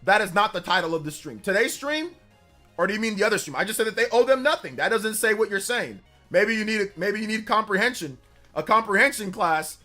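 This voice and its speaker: Bright-voiced man arguing with chat. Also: high-pitched, animated, a little fast. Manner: defensive, repeats himself, argumentative. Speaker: livestream host. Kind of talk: casual livestream chat, answering chat comments. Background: background music.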